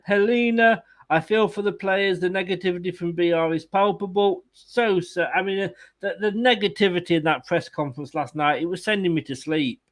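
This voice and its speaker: High-voiced exasperated male fan host. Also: fairly quick, hardly any pauses. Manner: exasperated, swears, reads comments aloud. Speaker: fan channel host reading viewer comments. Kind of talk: casual post-match chat.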